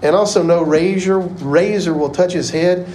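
A man's voice: sits high, normal speed, darkish tone, a little hiss or hum, low-quality recording. A man teaching a casual Bible class, chatty and rambling. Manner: chatty, rambling, uses "y'all".

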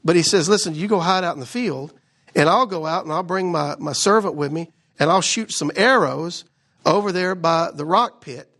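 Gravelly man teaching scripture. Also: on the high side, moderate pace, fairly bright tone. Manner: conversational, keeps asking "right?". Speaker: Bible teacher. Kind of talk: casual sermon.

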